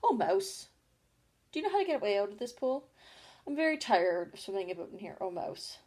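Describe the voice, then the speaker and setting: A woman's voice: mid-range voice, sing-song, fairly quick, darkish tone. A woman voicing a polite, curious young girl in a storybook reading, chatty and eager, often talking half to herself.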